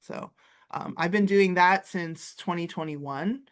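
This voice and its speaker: A woman's voice: on the low side, slow. Chatty woman guest on a video call. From Florida, USA. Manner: chatty, rambling, many filler words. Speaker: artist and comics teacher. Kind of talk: casual interview chat. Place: art studio, indoors.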